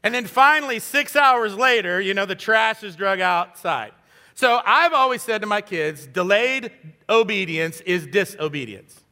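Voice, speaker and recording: A man's voice: high-pitched, animated, a little slow, pushed and bright. A man in his fifties preaching a sermon as guest pastor, conversational and self-deprecating, with frequent fillers. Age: 50s. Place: church. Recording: hall reverb.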